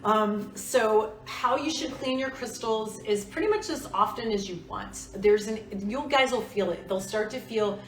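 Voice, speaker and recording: A woman's voice: medium pitch, a little slow, few pauses. A woman in her forties hosting a casual live stream, talking in an earnest, confiding way about crystals. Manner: soft-spoken, earnest, confiding. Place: room with other people. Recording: roomy, distant mic.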